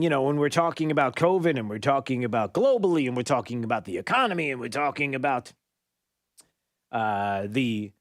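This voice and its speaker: A man from New York hosting a call-in radio talk show, chatty and rambling with quick asides. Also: mid-range voice, dry recording, clean studio sound.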